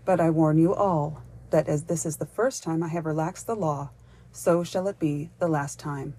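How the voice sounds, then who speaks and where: A woman voicing a stern, grizzled ancient male forest master in a storybook reading, solemn and measured. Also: low-pitched, fairly even intonation, dark tone, husky. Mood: grave.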